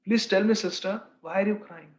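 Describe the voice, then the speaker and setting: A man voicing a gentle, confident mother of five sons in a retold scripture story. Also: high-pitched, fairly even intonation, moderate pace, lightly acted. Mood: reassuring. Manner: soothing, confident. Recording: roomy, slightly dull recording.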